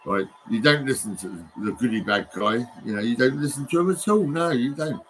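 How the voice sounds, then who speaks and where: A man's voice: mid-range voice, a little fast, a bit bright. A man ranting in a rambling, profane monologue, stammering and restarting as he airs his grievances. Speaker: vlogger. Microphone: phone. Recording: noisy phone recording.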